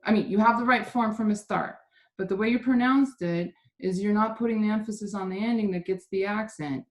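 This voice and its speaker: A woman's voice: medium pitch, fairly quick. A woman teaching a class over a video call, patiently explaining grammar and correcting her students' pronunciation. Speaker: Spanish teacher. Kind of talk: online class instruction.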